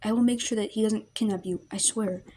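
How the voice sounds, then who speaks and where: A woman reading as a gentle protective older brother. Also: medium pitch, steady tone, brisk, breathy edge, lightly acted. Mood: soothing. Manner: soothing, reassuring.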